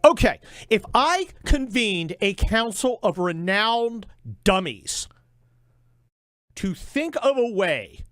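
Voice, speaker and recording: A man's voice: sits high, a bit bright, no room sound. A middle-aged man hosting a talk radio show, delivering a sarcastic, mocking monologue into a studio microphone. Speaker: radio host.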